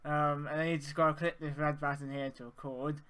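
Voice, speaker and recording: A man's voice: a little high, little pitch movement, brisk, a bit bright, clean tone. A man teaching audio effects in an informal, hesitant way, with many fillers. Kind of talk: screen-share software tutorial.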